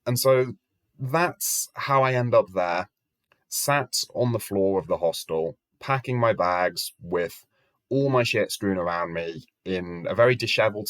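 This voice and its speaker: A man's voice: fairly low pitch, dry recording. A young man in his twenties telling a travel story in a wry, self-deprecating way, swearing casually. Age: 20s. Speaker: travel vlogger. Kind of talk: storytelling vlog narration. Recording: music playing under voice.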